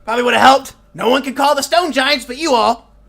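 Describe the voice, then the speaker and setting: Man playing a cranky old gnome: high, loud, grumbling, shouts at everyone. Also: brisk, creaky, full character voice. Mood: cranky yelling. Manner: yelling, grumbling, indignant.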